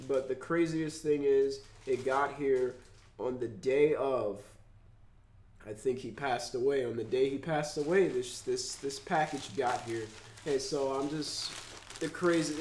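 Congested, upset man ranting, echoey room. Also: slight background noise. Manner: swearing, swings from loud outbursts to low mumbles. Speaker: YouTuber. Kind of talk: emotional vlog rant.

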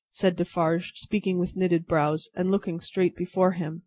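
A narrator giving a steady, even audiobook reading of a classic novel for English learners. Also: mid-range voice, a little slow, no echo.

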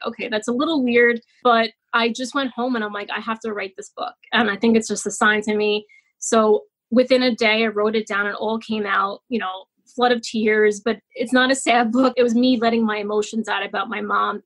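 A woman's voice: on the high side, fairly bright tone, poor audio. A woman in her forties, a podcast guest and children's author, telling a personal story in a chatty, emotional way with many fillers and restarts. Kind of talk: casual interview storytelling.

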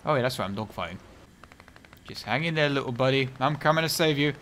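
A man giving chatty, sarcastic gameplay commentary, muttering one moment and bursting out loudly the next. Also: mid-range voice, lively intonation, quick pace. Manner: chatty and sarcastic, swinging from mutters to loud outbursts, heavy slang. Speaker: video game commentator.

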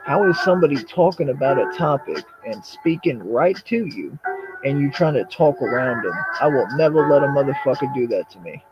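A man's voice: mid-range voice, expressive, fairly quick. A man on a casual livestream, speaking directly to his chat in a confrontational, profanity-laced rant. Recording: dull lo-fi audio with loud music. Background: loud music.

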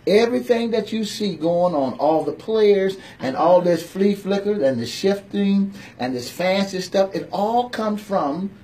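A man's voice: high voice, lively intonation, a little slow, hardly any pauses, warm tone. A man with a Southern American accent co-hosting a radio show, bantering playfully and repeating himself for emphasis. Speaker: radio co-host. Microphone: studio microphone.

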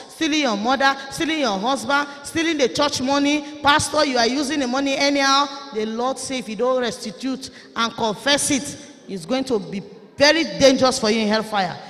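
A woman preacher with a Nigerian accent, delivering a fiery sermon, forceful and often shouting as she rebukes her listeners. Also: sits high. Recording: echoey hall reverb.

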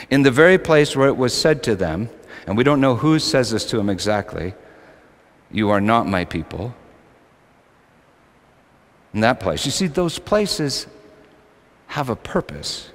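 A male pastor preaching a sermon, swinging between loud, emphatic lines and quiet, low asides. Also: big pitch swings, unhurried, pauses often. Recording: long hall reverb.

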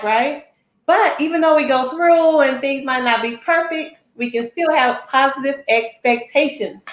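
A woman hosting a talk show, giving an energetic, chatty introduction and often asking her listeners "right?". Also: high voice, roomy sound. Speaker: show host.

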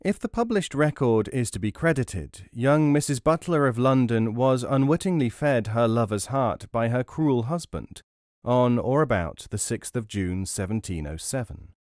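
A man reading folk tales aloud in a measured, even storytelling manner. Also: medium pitch, no echo, clean studio sound. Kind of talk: audiobook storytelling.

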